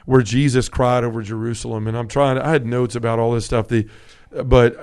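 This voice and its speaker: A man with a mid-pitched voice hosts a relaxed, conversational podcast. He talks earnestly and from the heart, often stopping to restart his sentences as he works through his thoughts. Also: brisk, clean tone. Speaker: podcast host.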